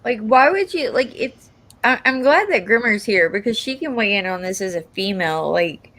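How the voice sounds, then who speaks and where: A woman's voice: medium pitch, animated, moderate pace, a bit bright. A woman with a congested voice from a sinus infection, hosting a casual group chat on a video call in a joking, self-mocking way. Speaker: show host.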